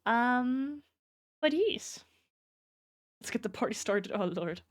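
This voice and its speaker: A young woman with a fairly high voice chats on her live stream. She rambles through stories, restarts her sentences and swears freely, stopping to greet viewers by name. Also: animated, slow pace. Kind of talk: casual live-stream chat.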